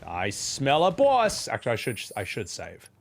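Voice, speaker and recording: A man streaming a video game, swearing and ranting at the controls, then mumbling softly to chat. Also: medium pitch, huge pitch swings, moderate pace. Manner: swears a lot, rants loudly at the game, then drops to soft mumbles. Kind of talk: live gameplay commentary.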